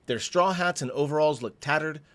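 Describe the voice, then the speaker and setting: A man's voice: fairly high pitch, brisk, a bit bright. A man hosting a game playthrough, reading the story text aloud and breaking off for chatty asides. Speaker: let's play host.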